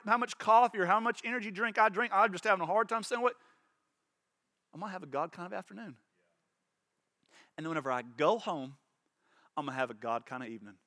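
A man's voice: high-pitched, bright, forceful tone, dry recording, studio quality. A man preaching a sermon as pastor, impassioned, repeating words and acting out little voices.

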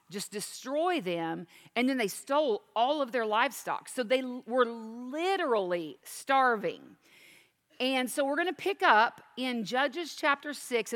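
A woman's voice: on the high side, fairly bright tone, long reverb tail. A woman teaching a sermon, reading scripture aloud and then explaining it with questions to the listeners. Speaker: Bible teacher.

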